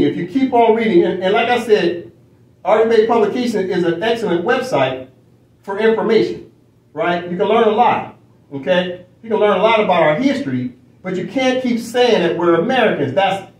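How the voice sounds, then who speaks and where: A high-voiced man lecturing as he reads from a screen. He presses his points with repeated phrases and rhetorical questions. He sounds a little off mic in an echoey room. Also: a little mellow, recorded from a distance. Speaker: study session teacher. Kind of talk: lecturing while reading from a screen.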